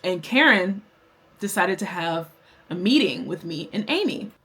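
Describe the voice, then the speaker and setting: A woman's voice: on the low side, a little slow, husky. Candid, profane young woman vlogger. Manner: candid, profane, animated storytelling. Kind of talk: storytime while doing makeup.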